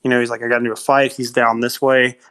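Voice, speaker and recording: A man's voice: mid-range voice, level tone, fast, a bit bright, smooth. A man co-hosting a podcast, casually retelling a film plot with lots of fillers and quoted dialogue. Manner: rambling retelling with many fillers and quoted lines. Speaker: podcast co-host.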